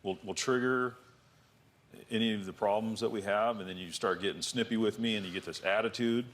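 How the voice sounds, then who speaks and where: Halting, defensive man with a low voice. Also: steady tone. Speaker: guest. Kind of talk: heated argument with spouse. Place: TV studio.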